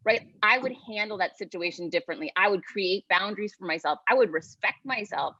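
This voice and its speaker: A woman guest on a podcast interview, speaking in an emphatic, energetic, motivational way. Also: mid-range voice, a little fast, hardly any pauses, no room sound. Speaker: guest author. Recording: dull lo-fi sound, dry.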